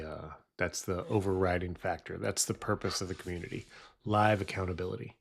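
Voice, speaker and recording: A man's voice: low voice, slightly rough. A man trading futures live and talking through trading psychology in a casual, rambling way with many fillers. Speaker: futures trader streaming live. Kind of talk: casual live-stream commentary.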